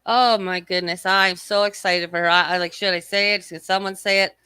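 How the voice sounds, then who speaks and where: A woman's voice: mid-range voice, steady tone, fairly quick, pushed and bright, clear, resonant tone, dry recording. Profane, mocking woman livestreamer. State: slightly scratchy throat. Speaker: livestream host. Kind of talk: casual livestream chat reading comments.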